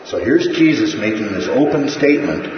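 A man's voice: lowish voice, expressive, moderate pace, background noise. A man teaching a Bible class in a conversational way, often checking in with his listeners. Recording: distant, dull echoey room.

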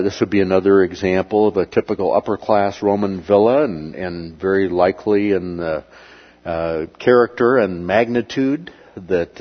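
A man teaching a Bible lesson over slides, pausing often and filling the gaps with filler sounds. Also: lowish voice, lo-fi sound. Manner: halting, many filler sounds between phrases.

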